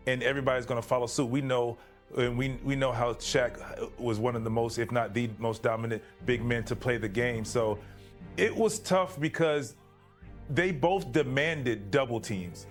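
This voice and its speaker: A man's voice: medium pitch, steady tone, normal speed. Man answering thoughtfully over music. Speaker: former basketball player, guest. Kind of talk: interview answer.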